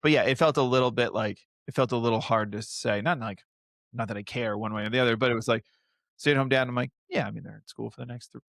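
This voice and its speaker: Wry, deadpan guest, a man. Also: medium pitch, fast, gravelly, no echo, studio quality. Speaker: podcast guest. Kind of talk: casual chat.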